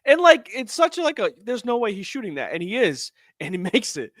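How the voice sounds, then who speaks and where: A man co-hosting a sports podcast, talking in an animated, rambling way with many fillers. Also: high-pitched, a little fast, dry recording, studio quality. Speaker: podcast co-host. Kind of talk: casual sports chat.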